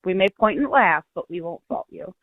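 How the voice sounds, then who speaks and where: A woman's voice: lowish voice, lively intonation, dry recording. A woman hosts a casual chat, joking and laughing easily. The audio is dry and narrow, like a phone line. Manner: chatty and joking, quick laughs. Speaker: channel host.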